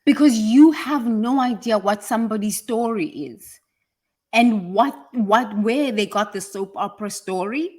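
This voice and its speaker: A woman's voice: on the high side, a little slow. Fiery South African woman preaching forgiveness. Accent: British-tinged South African. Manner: preachy, swings from quiet asides to loud emphatic repetition. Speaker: speaker on personal growth. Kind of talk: passionate motivational monologue.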